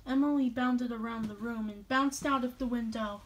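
A woman's voice: fairly high pitch, fairly even intonation, normal speed, a little hiss or hum. A woman reading a picture book aloud to children, hesitant, with many fillers and restarts. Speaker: storyteller for children. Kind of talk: storybook read-aloud.

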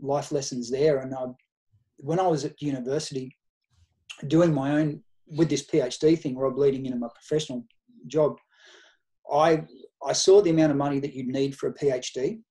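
A man's voice: mid-range voice, steady tone, normal speed, mellow. A middle-aged man with an Australian accent, a podcast guest telling anecdotes by quoting past conversations in a casual interview. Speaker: podcast guest, nutrition researcher and coach. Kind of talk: conversational storytelling.

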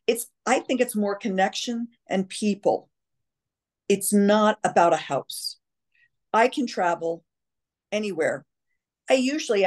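A woman, an actress, chatting as an interview guest and telling stories animatedly, sometimes slipping into little voices. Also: mid-range voice. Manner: animated storyteller, slips into voices. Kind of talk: casual chat.

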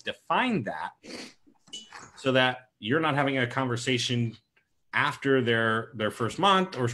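A man's voice: mid-range voice, fairly bright tone, a little hiss or hum. A man hosting a casual live Q&A, easygoing as he reads out viewer questions and explains. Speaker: host. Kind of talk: casual livestream Q&A.

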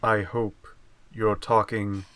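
A man voicing a huge stoic brother who speaks in a deadpan, menacing way. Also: lowish voice, slow pace, a little hiss or hum. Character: huge stoic male brute, unmoving brother.

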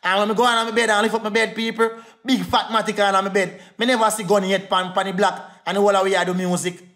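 A man's voice: high voice, little pitch movement, fast talker, fairly bright tone. A young Jamaican man in a heated livestream rant, defiant and repetitive, calling out to his viewers.

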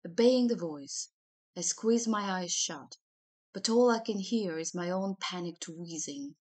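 A woman reading a novel aloud in the first person, in a measured, expressive storytelling manner. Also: on the low side, breathy edge. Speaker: audiobook narrator.

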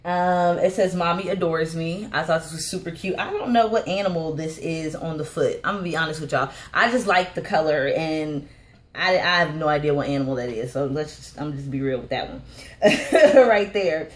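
A woman's voice: low-pitched, brisk. A woman casually chatting in a vlog as a doll artist, rambling with many fillers and gushing over small details. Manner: rambling and warm, frequent "um" and "but anyways". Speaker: reborn doll artist showing a packed order.

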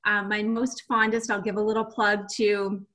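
Woman from eastern canada on a panel, bright clear voice, reminiscing calm and easy. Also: medium pitch, moderate pace, poor audio. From east coast of Canada. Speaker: panelist, cruise development manager. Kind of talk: casual panel chat.

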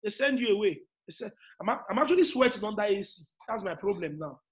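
A Nigerian man in his thirties delivers a motivational talk indoors. His voice sits high for a man, and he repeats his points, sinking to near-quiet before bursting into shouts. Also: lively intonation, fast. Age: 30s. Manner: emphatic, repetitive, swings from quiet to shouting. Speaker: motivational speaker. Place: indoors in an air-conditioned room.

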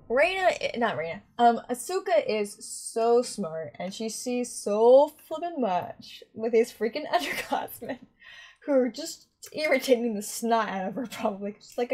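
Chatty rambling woman with a high voice. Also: darkish tone. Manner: rambling, chatty, many restarts and fillers. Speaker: anime reaction host. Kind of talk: casual reaction commentary.

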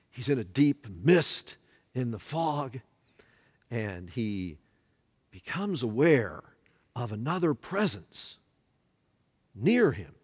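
Brief: unhurried male Bible teacher, lively rising and falling pitch, quizzes his class, long church-hall reverb. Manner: asks the class questions and has them fill in words.

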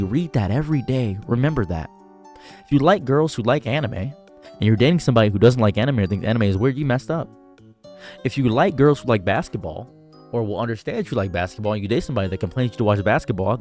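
A man's voice: expressive, fast, a little mellow. Sarcastic lecturing man, faint music. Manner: sarcastic, lecturing, mocks people with exaggerated high voices. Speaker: commentary channel host. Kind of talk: preachy dating-advice commentary.

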